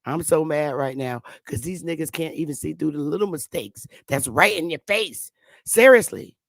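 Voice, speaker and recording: A woman's voice: sits low, moderate pace, no echo, studio quality. Fired-up woman ranting on a live stream. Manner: emphatic, profane, repeating rhetorical questions. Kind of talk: heated live-stream rant.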